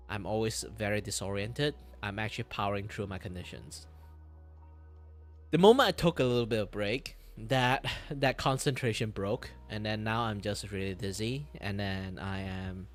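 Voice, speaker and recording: A man streaming while he draws, talking in a rambling, animated way, swearing, laughing and breaking into loud outbursts. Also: on the low side, dry recording. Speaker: streamer and artist. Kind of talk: casual live-stream chat while drawing.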